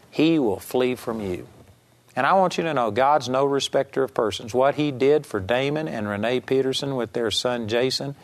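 A male preacher delivers a teaching with emphatic, driving repetition. His voice sits at an ordinary middle pitch. He presses each point home to his listeners. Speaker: Bible teacher. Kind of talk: sermon teaching.

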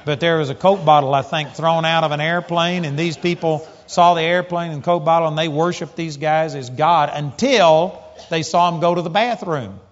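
A man preaching a sermon, telling a personal story with animated, rising emphasis as he gets excited. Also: fairly high pitch, normal speed, few pauses. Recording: muffled sound with long hall reverb.

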